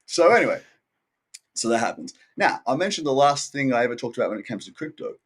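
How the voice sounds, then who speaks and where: Speaking quickly in a sing-song, breathy mid-range voice, a male interview guest rambles through a casual chat. He leans on "dude" and "like" and performs the lines of the people in his story.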